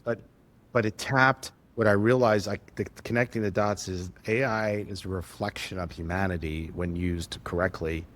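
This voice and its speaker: A man, a tech entrepreneur, speaking as a podcast guest, telling stories with lively acted-out quotes and frequent restarts. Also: low-pitched, moderate pace. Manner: animated, acts out quoted dialogue, frequent restarts. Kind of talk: conversational storytelling.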